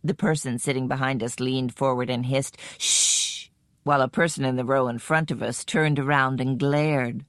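Woman audiobook narrator, low voice, measured pace, dry close recording. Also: no echo. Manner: measured, even storytelling.

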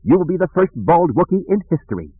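A man's voice: a little high, very animated, fast talker, breathy edge, no room sound, voice pushed up. A man voicing a fussy, anxious male protocol droid who wails his complaints, on a tinny dry recording. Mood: fretful. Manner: prim and anxious, wailing complaints.

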